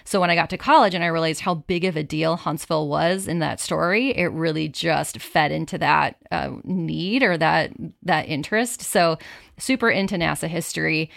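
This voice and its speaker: A young woman with a Chicago accent speaks as a guest in a relaxed conversation. Her voice sits low and gravelly, recorded close and dry. She talks in an upbeat, chatty way and often repeats words as she goes. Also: normal speed, dry recording. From Chicago suburbs. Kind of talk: casual chat.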